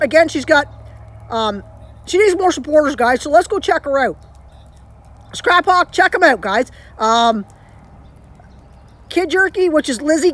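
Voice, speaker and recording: A woman's voice: sits high, fairly bright tone. A Canadian woman chatting casually on a live stream from home, rambling and restarting her sentences as she talks into her phone.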